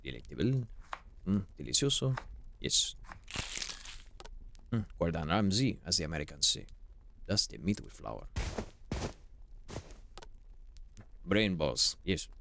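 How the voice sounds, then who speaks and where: A man doing a mock Italian accent, reading out game text in a low, hushed, theatrical voice as a male cook. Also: sing-song, unhurried, vocal fry, long pauses, noisy background, heavily acted. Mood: savoring.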